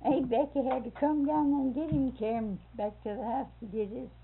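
A woman's voice: high-pitched, a little fast, gravelly, a little hiss or hum. An older woman tells a family story, acting out the voices as she goes, in a lo-fi phone-like recording. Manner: lively storyteller who acts out voices and laughs often. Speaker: interviewee telling a family story. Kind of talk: oral history storytelling.

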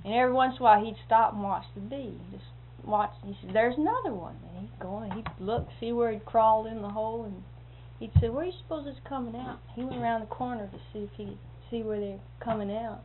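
A woman's voice: a little high, fast. Chuckling woman telling stories over a thin line. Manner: chuckling often, acts out quoted speech. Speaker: storyteller. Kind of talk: casual anecdotal storytelling. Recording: phone-like lo-fi audio with faint hiss.

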